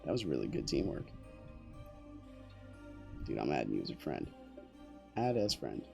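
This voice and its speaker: An extremely low, creaky yet mellow voice belongs to a young man talking at a moderate pace, very animated, over soft background music. He's streaming gameplay, casually rambling and joking with viewers and teammates.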